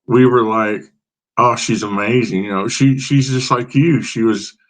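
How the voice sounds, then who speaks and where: A man's voice: mid-range voice, steady tone, unhurried. A man hosting a talk show, asking questions in a loose, easygoing way with "you know" fillers. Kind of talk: casual interview.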